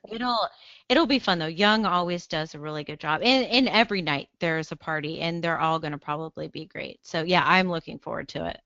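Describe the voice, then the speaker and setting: A bubbly woman joins a podcast as a guest, eager and quick to laugh. Her voice is bright and a little sharp, sitting slightly low for a woman. Her line comes through dull and lo-fi, dry with no room echo. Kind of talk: casual chat.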